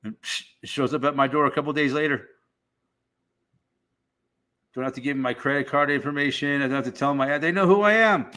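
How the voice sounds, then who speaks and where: A man's voice: fairly high pitch, brisk, pauses often, bright, forceful tone. A middle-aged man hosting a casual live stream, rambling and swearing in a laid-back way.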